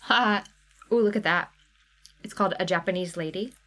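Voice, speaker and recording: A woman's voice: mid-range voice, moderate pace, a bit bright. Chatty woman hosting a live sale. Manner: chatty, reads out viewer names and chat comments. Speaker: livestream sale host. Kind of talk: casual live sale chat.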